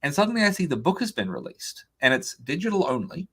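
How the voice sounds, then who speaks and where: A man's voice: fairly high pitch, fast talker, husky. A man guest on an interview podcast, casually telling a long anecdote, acting out what others said and using lots of "like" and "um". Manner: animated anecdote-telling, quoting others' words, frequent "like" and "um". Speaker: author and illustrator guest.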